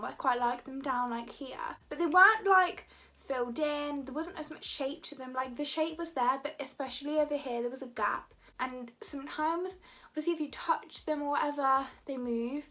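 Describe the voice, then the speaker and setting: Young woman, high voice, rambling chatty vlogger. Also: lively intonation, normal speed, sharp tone. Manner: rambling, chatty, many "like" fillers. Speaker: beauty vlogger. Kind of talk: casual chat to camera.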